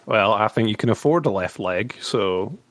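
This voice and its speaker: A man co-hosting a podcast, joking around in slow, easygoing banter. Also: on the low side, expressive. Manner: slow, joking, laughs easily. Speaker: podcast co-host.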